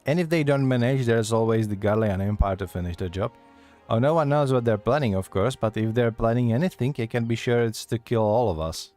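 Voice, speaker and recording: A worldly male tavern keeper with a gruff edge, as a man reads him aloud. The lines come haltingly and trip over the dialect, at an ordinary middle pitch. Faint game music plays underneath. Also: darkish tone, natural voice. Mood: stumbling.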